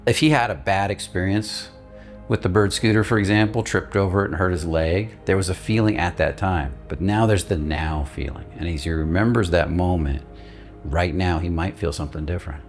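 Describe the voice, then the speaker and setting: Deep-voiced man guiding calmly. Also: a little fast, soft background music. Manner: calm, guiding, repeats key words for emphasis. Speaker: emotional release coach. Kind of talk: guided instructional talk.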